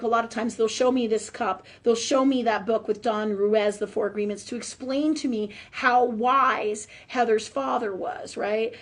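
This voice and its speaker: Lady medium doing a live spiritual talk, kinda high voice, chatty, lots of "right?". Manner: chatty, with constant "right?" tag questions.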